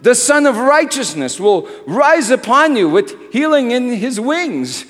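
Wise male rabbi, gently chiding, high lilting voice, put on by a male storyteller. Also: sing-song, unhurried, heavily acted. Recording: reverberant hall.

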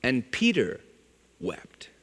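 A man preaching a sermon, swinging from loud exclamations to hushed, low phrases. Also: huge pitch swings, slow, breathy edge. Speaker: pastor. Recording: long hall reverb.

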